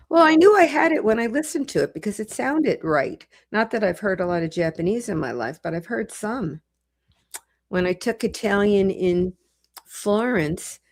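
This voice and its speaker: A middle-aged woman hosting a livestream, chatting casually with viewers as she reads comments and slowly sounds out foreign greetings. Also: lowish voice, creaky, a little mellow. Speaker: legal commentator and livestream host.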